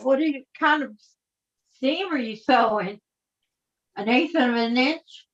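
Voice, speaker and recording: High-voiced woman friend on a video call, sing-songy, slow, kinda muffled. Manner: expressive, teasing, exclaims a lot. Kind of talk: casual chat.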